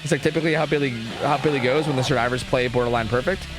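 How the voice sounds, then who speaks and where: A man streaming and casually commentating a competitive match, chatty and profane, thinking out loud. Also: mid-range voice, rapid-fire.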